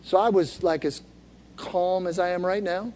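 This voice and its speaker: High-voiced man preaching a sermon. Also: fairly even intonation, normal speed, a little mellow, in a large hall. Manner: conversational storytelling, building to calls for the crowd to repeat after him. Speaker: pastor. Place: church hall before a congregation.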